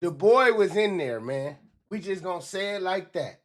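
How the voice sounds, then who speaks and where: A man ranting on a livestream with loose, animated, repetitive talk, often slipping into mock voices. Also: high-pitched, moderate pace. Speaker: livestream commentator.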